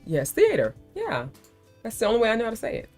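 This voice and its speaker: A woman's voice: fairly high pitch, wildly swooping pitch, fast, music in the background. A woman from South Florida with a neutral American accent, hosting a casual live-stream chat, talkative and often laughing. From South Florida, USA. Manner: chatty, laughing, calls people baby. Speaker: livestream host.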